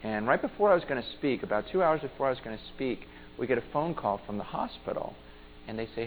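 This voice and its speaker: A man's voice: mid-range voice, animated, fast, a little hiss or hum. A man preaching a sermon, earnest and pleading, often repeating his words as he urges the listeners. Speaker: pastor. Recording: phone-like sound with long hall reverb.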